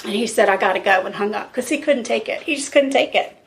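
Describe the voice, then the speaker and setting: A woman's voice: on the high side, brisk, gravelly. Woman telling a true crime story. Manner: storyteller, acts out quotes with fillers. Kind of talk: casual true crime chat.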